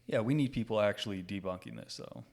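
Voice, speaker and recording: A man's voice: on the low side, fast, darkish tone. Laid-back man reading posts aloud. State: sleep-deprived. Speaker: co-host. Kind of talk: casual chat reacting to online posts.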